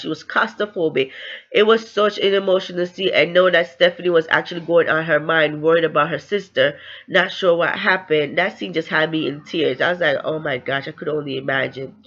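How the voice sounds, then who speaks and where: A woman's voice: fairly low pitch, fairly bright tone, dull audio. A woman recapping a novel in a casual, chatty way, with fillers and tag questions. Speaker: book reviewer.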